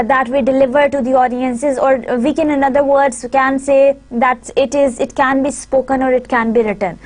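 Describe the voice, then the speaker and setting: A woman giving a recorded university lecture, halting and full of fillers and restarts. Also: high-pitched.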